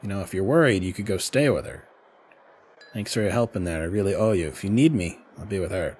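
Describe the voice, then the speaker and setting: A man's voice: sits low, fast talker, darkish tone, slightly rough, pitched below the performer's own voice. A man voicing a nervous young former gang member who talks anxiously.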